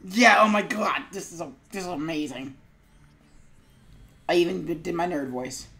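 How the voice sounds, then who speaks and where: Rambling woman streamer, slightly low voice. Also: unhurried, a bit bright. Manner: rambling, filler-heavy, mumbles while working. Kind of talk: casual live-stream chat while animating.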